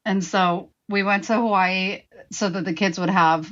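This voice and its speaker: A woman's voice: medium pitch, fairly even intonation, a little slow, a bit bright, muffled recording. A woman in her forties, a guest telling her own story frankly and with swearing, acting out her past remarks. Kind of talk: candid personal storytelling.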